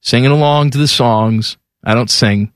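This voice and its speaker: A man's voice: mid-range voice, moderate pace, clear, resonant tone, no echo. Forties male sports-talk host, wisecracking and irreverent, dry close mic. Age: 40s. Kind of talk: casual radio banter. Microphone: studio microphone.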